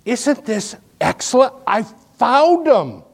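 Guy doing a super happy shepherd voice, squeaky high and gleeful. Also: big pitch swings, takes it slowly, vocal fry, slightly rough, exaggerated voice. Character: overjoyed male shepherd who found his lost sheep.

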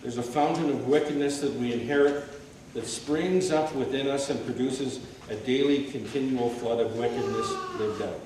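A man preaching a sermon, swinging between loud rhetorical questions and low, quiet asides. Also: moderate pace. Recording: very echoey hall, mic at a distance, faint hiss.

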